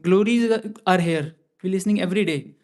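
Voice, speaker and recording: Speaking fairly quickly in a voice that sits high, a man gives a scripture class in a temple. His talk is conversational, and he often restarts and repeats phrases.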